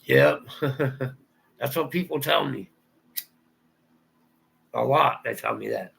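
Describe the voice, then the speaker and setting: Gravelly, raspy man with a Southern drawl. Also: mid-range voice, slow, fairly bright tone, low-quality recording. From Ohio, USA. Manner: rambling, answers viewer comments aloud. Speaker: livestream host. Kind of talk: casual livestream chat.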